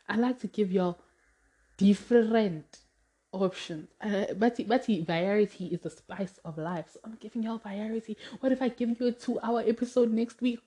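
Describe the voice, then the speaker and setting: A woman's voice: mid-range voice, normal speed, a little mellow, slightly rough. A young woman hosting a casual solo podcast, rambling and laughing often, with many likes and restarts. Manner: chatty, rambling, laughs often, says "like" a lot. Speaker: podcast host.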